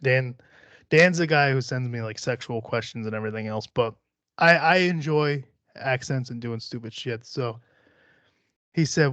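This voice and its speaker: A man's voice: medium pitch, normal speed, a bit bright, no echo, lo-fi sound. A man hosting a podcast in casual chat, rambling and swearing freely, laughing often. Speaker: podcast host.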